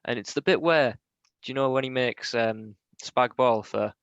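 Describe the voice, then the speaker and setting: A man's voice: mid-range voice, normal speed, fairly bright tone, clean tone, no echo. A young man, co-hosting a podcast in casual, rambling banter and swearing freely. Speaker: podcast co-host. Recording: dull lo-fi podcast mic.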